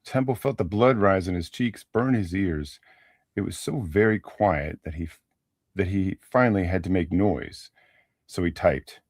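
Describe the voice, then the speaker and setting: A man reading a short story aloud on a podcast, lively and sometimes correcting himself. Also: low-pitched, unhurried, no room sound, clean studio sound. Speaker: podcast co-reader.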